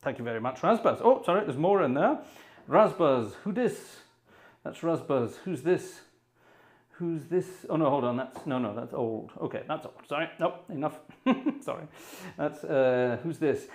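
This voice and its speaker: A man's voice: a little high, animated, normal speed. A man hosting a live piano stream, out of breath between pieces, chatty and self-deprecating as he talks to his audience and explains boogie woogie. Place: piano room at home.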